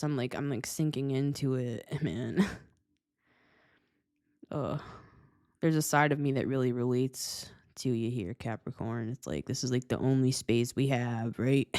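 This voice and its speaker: Low voiced woman doing a tarot reading, chatty n blunt, swears a lot, dry sound. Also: dark tone, no echo. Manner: chatty, swears freely, laughs often. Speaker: tarot reader.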